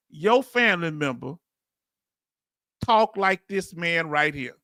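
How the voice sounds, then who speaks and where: A man hosting a livestream, animated and preachy, talking in casual slang and calling on his viewers in the chat. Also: sits high, moderate pace, no room sound, studio quality. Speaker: channel host.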